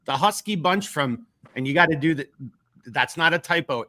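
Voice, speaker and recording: A man's voice: a little high, normal speed, bright, forceful tone. A man with a Minnesotan accent hosting a casual political podcast, rambling with many restarts and casual swearing. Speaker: podcast host.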